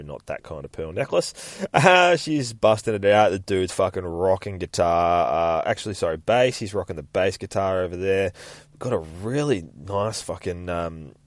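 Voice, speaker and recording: Low, profane man rambling. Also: dry recording. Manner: profane, rambling, laughs at himself. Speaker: podcast host. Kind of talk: casual comic book read-through. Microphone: phone.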